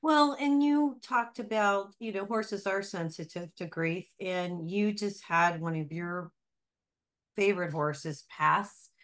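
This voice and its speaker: Woman host, gentle interviewer. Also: medium pitch, slow pace. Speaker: podcast host.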